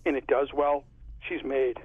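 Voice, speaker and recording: A man's voice: medium pitch, little pitch movement, unhurried, dry recording. Connecticut man on a tinny phone line. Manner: chatty, rambling storyteller. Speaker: author being interviewed. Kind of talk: casual phone interview.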